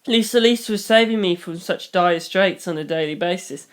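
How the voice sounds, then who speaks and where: A reader narrating a novel in first person, brisk with wry asides. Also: medium pitch, clean tone.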